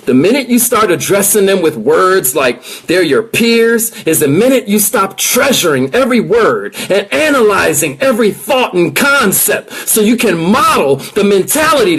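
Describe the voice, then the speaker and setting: Energetic male motivational speaker, lively pitch. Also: normal speed, few pauses, husky. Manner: energetic, emphatic, coaching listeners directly. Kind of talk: motivational talk.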